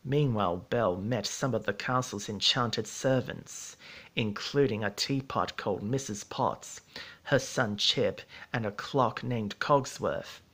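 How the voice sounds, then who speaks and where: A man narrating a storybook in a measured, steady reading voice. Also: fairly low pitch.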